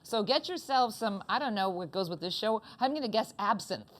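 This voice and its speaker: A woman from Canada hosts a talk show in a music club, trading quick quips and teasing her guests. Her pitch sits mid-range but swings freely and expressively. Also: animated. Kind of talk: playful interview banter.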